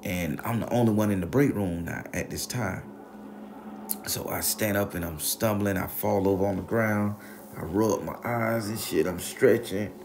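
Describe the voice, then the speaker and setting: Low gravelly guy telling a story, cussing, slangy, animated. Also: normal speed, noisy background. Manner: profane, animated, slangy retelling. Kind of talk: casual spoken storytelling.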